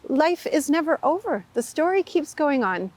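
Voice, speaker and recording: A woman meditation teacher telling a story and giving a spiritual talk in a lively, expressive way. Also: high-pitched, moderate pace, dry recording.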